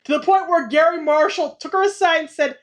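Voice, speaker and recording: A woman hosting a casual podcast, talking quickly and laughing often as she piles on background trivia. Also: extremely high pitch. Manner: animated, laughs often, info-heavy. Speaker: podcast host.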